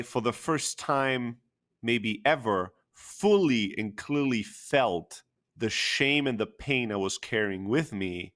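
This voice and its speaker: A man's voice: medium pitch, fairly bright tone. Man, open and emotional, casual storyteller with fillers. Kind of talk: candid personal storytelling.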